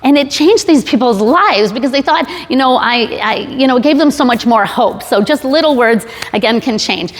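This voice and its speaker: A woman's voice: sits high, expressive, moderate pace, hardly any pauses. A woman giving a casual sales talk to a live audience, chatty and jokey with many fillers and restarts. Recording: long hall reverb.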